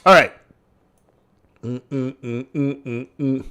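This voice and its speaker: A man hosting a live trading stream, telling stories in a lively casual way and acting out the people he quotes. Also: medium pitch, extremely slow, clear, resonant tone. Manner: animated, acts out quoted people. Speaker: forex trading host. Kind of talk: live stream chat and storytelling.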